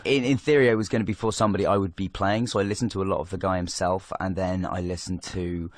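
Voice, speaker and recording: English man, young adult, animated casual talk, lots of "like", low pitch, dry close sound. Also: no echo. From England. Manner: animated, quick with many fillers and restarts. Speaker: actor guest. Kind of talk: casual podcast conversation.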